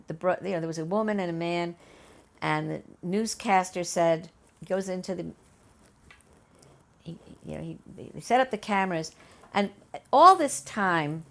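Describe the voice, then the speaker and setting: Gravelly older woman telling a story. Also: lowish voice. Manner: animated, acts out quoted voices, many restarts. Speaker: oral history interviewee. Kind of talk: conversational storytelling. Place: her home.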